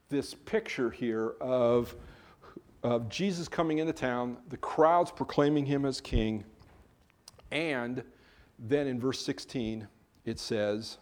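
A man preaching a sermon, reading scripture aloud and explaining it in a relaxed, conversational way with frequent self-corrections. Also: mid-range voice. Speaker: pastor.

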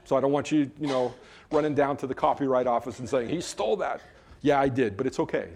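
A man's voice: mid-range voice, steady tone, fast talker, a little mellow. A man, a pastor, preaching a sermon in a conversational way, with joking asides between earnest points.

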